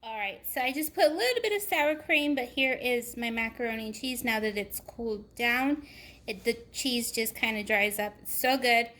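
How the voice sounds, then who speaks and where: A woman's voice: fairly high pitch, moderate pace. A young woman hosting a home cooking vlog, talking casually to her viewers with lots of fillers as she cooks in her kitchen. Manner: chatty, warm address to viewers with frequent fillers. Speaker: cooking vlogger.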